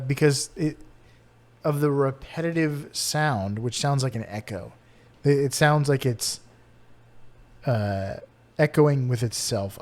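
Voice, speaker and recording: A man co-hosting a casual podcast, reading out animal facts and joking around between them. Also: a little high. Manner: playful, reads facts then riffs with jokes. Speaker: podcast co-host presenting bird facts. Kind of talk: casual chat.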